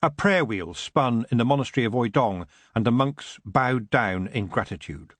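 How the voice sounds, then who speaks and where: A man reads an audiobook with expressive, dramatic narration. His voice sits in the mid range, he keeps a moderate pace, and there's no room sound.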